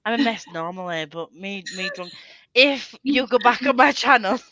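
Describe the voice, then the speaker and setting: A woman's voice: on the high side, lively intonation, normal speed, pushed and bright, highs cut off. A woman hosting a casual live stream, rambling through stories and laughing often, on a webcam mic. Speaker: livestream host. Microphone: computer webcam mic.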